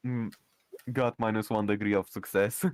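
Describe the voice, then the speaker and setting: A man's voice: on the low side, fairly even intonation, moderate pace. A man playing a tabletop game who curses at bad rolls and laughs along. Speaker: player. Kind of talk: casual game banter.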